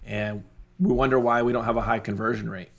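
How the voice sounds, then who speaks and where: A man's voice: lowish voice, steady tone, brisk, gravelly. A man coaching dental teams at a live seminar, emphatic and repeating his key phrases.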